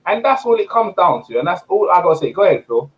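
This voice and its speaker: A man's voice: high voice, fast, poor audio. A man hosting a casual boxing debate, ranting with lots of repeats and asides. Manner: animated, repetitive ranting. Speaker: host.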